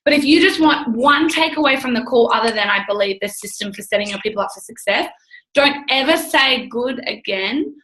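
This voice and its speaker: Young woman in her twenties, effusive and chatty, bright forward tone, echoey room. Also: fairly high pitch, expressive, fairly quick, a little hiss or hum. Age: 20s. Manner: bubbly, effusive, acts out quoted talk. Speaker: guest entrepreneur. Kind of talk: casual call chat.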